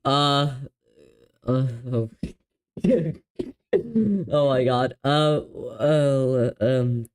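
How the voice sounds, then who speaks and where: A man hosting a casual live stream, talking slowly and unhurriedly. He sounds excitable and apologetic, stumbling over words and breaking into laughs, with a voice of middling pitch. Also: clean tone, rough recording. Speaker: livestream host.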